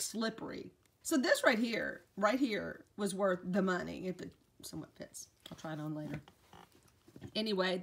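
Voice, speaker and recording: A middle-aged woman, rambling casually as a vlogger and chatting to her dogs. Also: medium pitch. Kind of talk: casual chat.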